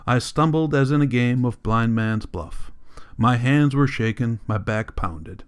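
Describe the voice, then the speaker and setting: A man narrating a novel in an audiobook with a steady, measured reading. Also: medium pitch. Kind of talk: scripted narration.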